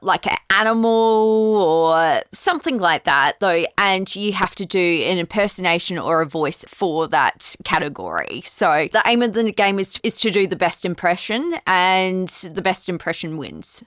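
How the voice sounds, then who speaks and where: A woman co-hosting a podcast, running a playful game in an animated, giggly way. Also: fairly low pitch, normal speed, no echo. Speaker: podcast co-host.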